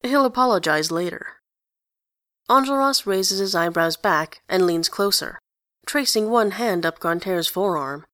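A woman narrating a story in an even, conversational way. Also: medium pitch, measured pace, no echo, clean studio sound. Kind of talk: story reading.

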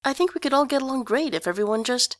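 A woman voicing a gentle but forceful young man who is soft-spoken with sudden sharp bursts. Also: sits high, lively intonation, quick pace, no room sound, clean studio sound, voice pushed up.

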